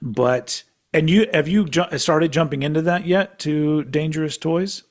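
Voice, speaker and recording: Speaking a little slowly in a fairly high voice, a man co-hosts an easygoing podcast. He goes off on tangents, uses plenty of profanity and laughs frequently as he goes.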